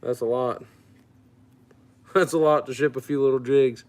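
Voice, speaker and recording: A man from Louisiana hosting a fishing livestream, relaxed as he reads out and answers viewer comments. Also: mid-range voice, measured pace. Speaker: fishing channel host. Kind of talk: casual livestream chat.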